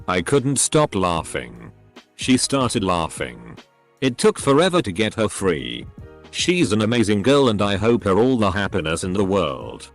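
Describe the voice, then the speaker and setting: A man's voice: lowish voice, sing-song, unhurried, faint music behind. A man narrating anonymous online stories in a scripted reading, spelling out abbreviations letter by letter.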